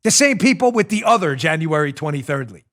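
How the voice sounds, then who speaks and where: Sarcastic, fiery male political host. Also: sing-song. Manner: sarcastic, rapid-fire, mocking asides; swings between loud outbursts and low muttering. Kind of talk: animated political commentary.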